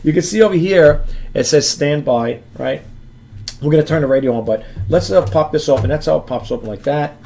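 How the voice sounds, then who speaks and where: A man's voice: on the high side, fairly quick, vocal fry, mellow, a little hiss or hum. A man casually showing an item to the camera for his online selling channel, rambling and often restarting sentences while he handles the item, sometimes turning away from the mic. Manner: rambling, chatty, often restarts sentences and addresses viewers as folks and guys. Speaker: eBay seller vlogger. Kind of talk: casual product demo to camera.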